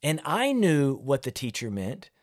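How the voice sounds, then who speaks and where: A male pastor hosts a solo podcast, reflecting on parenting in a mid-range voice whose pitch swoops wildly. He talks a little slowly, candid and self-deprecating, often restarting sentences. The studio recording is clean with no echo.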